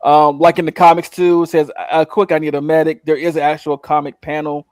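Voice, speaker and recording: Animated, rambling man recapping a show. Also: on the high side, a little fast, no room sound. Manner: rambling, animated retelling with acted-out quotes. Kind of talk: casual podcast chat.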